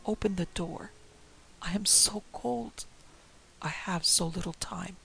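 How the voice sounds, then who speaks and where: A man voicing the wailing ghost of a dead wife, cold and pleading, in a breathy, mournful tone. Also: high voice, slow, pushed and bright, full character voice, rough recording. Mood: calling.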